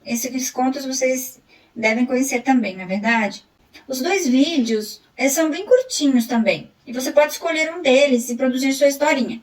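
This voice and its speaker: A woman's voice: sits high, a little fast, recorded from a distance. A Brazilian woman teacher giving an online lesson, explaining tasks and checking that students understand. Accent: Brazilian Portuguese.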